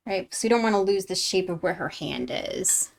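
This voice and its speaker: A woman's voice: medium pitch, animated, moderate pace, gravelly. A woman hosting a live-streamed painting tutorial, talking with her chat in a chatty, bubbly way and laughing often.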